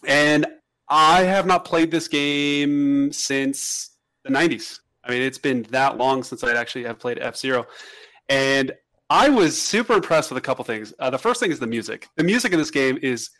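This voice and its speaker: Male podcast co-host, casual rambling delivery, medium pitch. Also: normal speed, a bit bright. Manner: rambling, many restarts and fillers. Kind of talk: casual chat.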